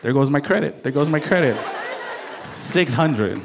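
Guy in his 30s doing standup, chatty punchlines, audience laughing loud behind him, noisy live room. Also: a little high, animated, gravelly, a crowd in the background. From Salvadoran heritage. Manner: conversational, playful punchlines, acts out wife and kids in quick quoted voices. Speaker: stand-up comedian. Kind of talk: stand-up comedy set. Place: comedy stage before a live audience.

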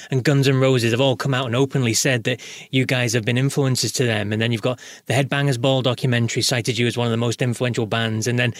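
A man's voice: mid-range voice, no echo, clean studio sound. A man hosting an interview, asking long, enthusiastic run-on questions. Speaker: interviewer host.

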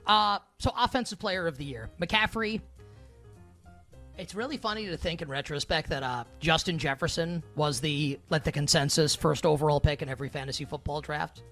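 A man's voice: on the high side, moderate pace, pushed and bright, soft background music. A man co-hosting a sports betting podcast, chatting in a wry, casual way and leading into segments. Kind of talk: casual chat.

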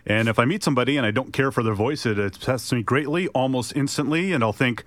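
A man's voice: medium pitch, fast, fairly bright tone, no echo. A man on a radio panel, talking casually with a chuckle and poking fun at himself.

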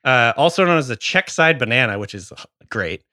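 Bright-voiced man on a podcast. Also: medium pitch, lively intonation, fairly quick, no room sound, studio quality. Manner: explains slang terms, self-deprecating about pronunciation. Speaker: podcast co-host. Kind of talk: casual podcast chat.

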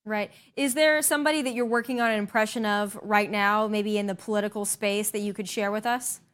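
A woman's voice: medium pitch, steady tone, brisk, fairly bright tone. A woman hosting a political talk show, with an upbeat, punchy delivery. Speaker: host.

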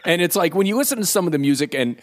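A man co-hosting a podcast, telling stories with animated energy and free swearing. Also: on the high side, rapid-fire. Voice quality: animated storyteller, swears freely. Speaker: podcast host. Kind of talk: casual chat.

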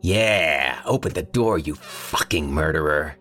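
Brief: man doing foul-mouthed mocking fly, higher-pitched, sneering. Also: very animated, slow, creaky, a bit bright, faint music behind, full character voice. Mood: taunting. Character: fly speaking as a crude, mocking Abraham Lincoln.

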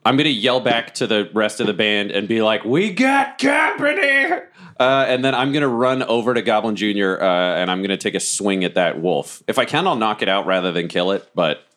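A man playing a tabletop game, excitable and swearing, who often yells lines in character. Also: lowish voice, brisk, hardly any pauses. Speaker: player. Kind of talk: tabletop role-play.

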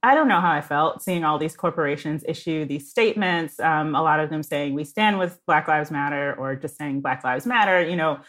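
A woman's voice: low voice, brisk, hardly any pauses, a bit bright. A woman speaking as a podcast guest, thoughtful and conversational, laying out her views. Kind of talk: casual chat.

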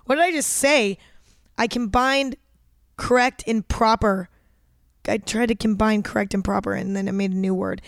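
A young woman hosts a solo podcast in a loose, rambling chat, peppered with fillers and casual swearing. Her voice is smooth and clear, at a middle pitch for a woman. She sits close to the mic in a dry, dead room and sounds a little groggy. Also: fairly even intonation, normal speed, dry recording. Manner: rambling, self-deprecating, frequent swearing and filler "like". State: groggy from waking early. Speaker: podcast host.

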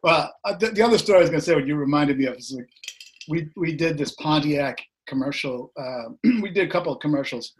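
A middle-aged man, a musician guest, telling a story in casual chat, laughing often and acting out the voices he quotes, his voice slightly rough. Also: fairly high pitch, fast talker, slight background noise.

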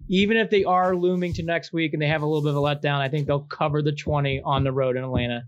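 A man's voice: on the high side, steady tone, fast talker, highs cut off. A man hosting a sports betting picks segment, teasing his co-host with playful, fan-boyish chatter. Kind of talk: casual sports betting banter.

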